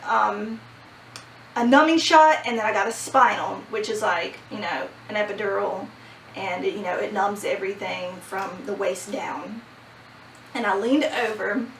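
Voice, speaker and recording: Animated young woman telling a story, roomy. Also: medium pitch, slight background noise. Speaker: vlogger. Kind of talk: casual storytime. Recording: roomy sound from a distant mic.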